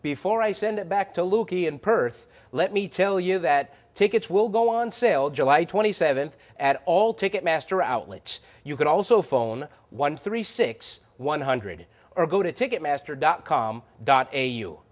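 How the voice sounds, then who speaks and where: A male wrestling announcer delivering upbeat, excited promotional announcements. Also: on the high side, normal speed, hardly any pauses.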